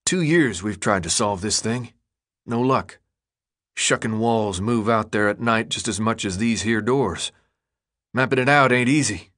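A man reading a gruff teenage boy leader who speaks in a clipped, rural drawl full of slang and gives blunt orders. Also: fairly low pitch, measured pace, fairly bright tone. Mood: grim.

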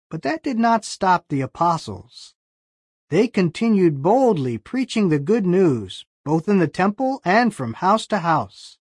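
A narrator reading a bible story lesson in slow, clear scripted storytelling. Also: mid-range voice, no echo, studio quality.

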